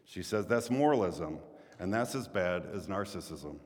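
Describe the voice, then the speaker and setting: A man preaching a sermon, telling a story with animated quoted voices and then dropping to a low, quiet delivery. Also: normal speed, big-room sound. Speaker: pastor.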